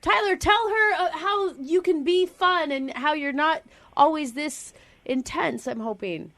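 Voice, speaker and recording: A woman's voice: sits high, unhurried, a bit bright, dry recording. A woman co-hosting a radio show, reacting with sympathy and questions. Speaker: radio co-host.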